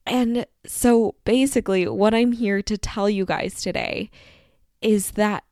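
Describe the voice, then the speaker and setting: A woman's voice: mid-range voice, fairly even intonation, normal speed, darkish tone, smooth, no echo, studio quality. A young adult woman hosting her own podcast, talking candidly in a casual monologue, full of "like" and free with swearing. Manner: candid and chatty, heavy use of "like"; swears freely. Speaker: podcast host.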